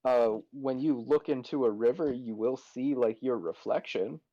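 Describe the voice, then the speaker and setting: A man in a tabletop game chat, explaining things in a deadpan, rambling way. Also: medium pitch, moderate pace, no room sound. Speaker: player. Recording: dull lo-fi dry sound.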